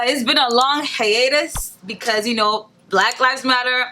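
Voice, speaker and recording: Bright, blunt young woman vlogger. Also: on the high side, a little slow, few pauses. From Nigeria. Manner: blunt, profane, animated rants with mocking put-on quotes. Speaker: beauty vlogger. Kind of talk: casual commentary vlog.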